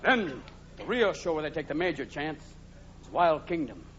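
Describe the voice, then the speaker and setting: A man performing high-energy stand-up comedy, switching between impressions and shouted bits. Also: sing-song, normal speed, slight background noise. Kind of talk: stand-up comedy with rapid character voices. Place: large live theater with audience. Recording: dull live 1983 recording with loud crowd.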